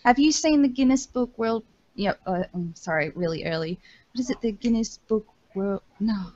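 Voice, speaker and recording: A woman's voice: fairly high pitch, lively intonation, normal speed, darkish tone. A woman in a casual group podcast chat, giggly and fumbling for words. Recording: dull lo-fi audio.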